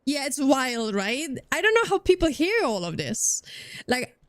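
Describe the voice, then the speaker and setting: A woman's voice: sits high, sing-song, a little slow, a bit bright, dry recording, studio quality. A young German woman with a slight Scandinavian tinge to her accent, chatting casually with viewers on a livestream, rambling and often restarting her sentences. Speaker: livestream streamer. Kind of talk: casual chat with viewers while gaming.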